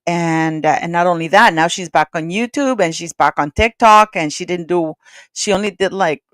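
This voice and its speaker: A woman on a live call-in panel, talking in a chatty, excitable way with many restarts. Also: lowish voice, normal speed, dry recording, clean studio sound. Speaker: regular panelist. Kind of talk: casual live call-in chat.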